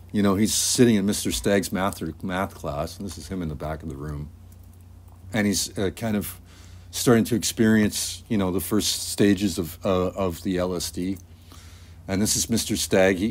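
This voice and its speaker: A deep-voiced man walks through his animation storyboard in an easygoing, rambling manner. He pauses often with fillers while he describes each scene. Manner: relaxed, rambling, with many fillers. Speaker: animator and artist. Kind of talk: casual storyboard walkthrough.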